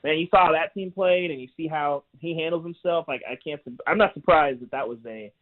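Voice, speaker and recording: A man's voice: on the high side, brisk. Wry man on a tinny phone line. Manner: wry, chatty, laughs at own jokes. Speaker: guest sports writer. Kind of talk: casual sports radio chat. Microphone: phone call.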